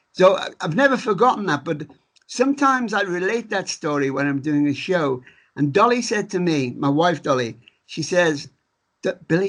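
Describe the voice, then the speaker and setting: A medium in conversation, a man whose voice sits a bit higher than most men's. He tells his stories in a meandering, chatty way, stumbling over repeated words and breaking into small laughs. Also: fairly bright tone. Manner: rambling, restarts phrases, chuckles while telling stories. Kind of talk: conversational storytelling interview.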